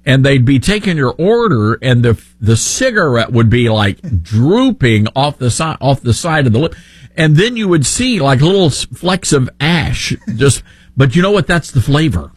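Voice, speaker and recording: A man's voice: medium pitch, sing-song, normal speed, husky, no room sound. A man with a Southern accent hosting a talk radio show, sarcastic and opinionated.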